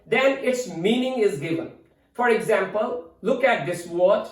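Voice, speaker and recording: An English teacher with an Indian English accent gives a measured, unhurried lesson in a fairly high voice for a man. He spells words out letter by letter. The recording is roomy and echoey, with the mic set back from him. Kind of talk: instructional lesson. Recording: roomy echo, mic at a distance.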